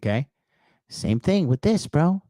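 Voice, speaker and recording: A man's voice: on the high side, big pitch swings, unhurried, dark tone, dry recording, studio quality. A man hosting a call-in show, delivering a blunt, profane, heated rant. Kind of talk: casual ranting monologue.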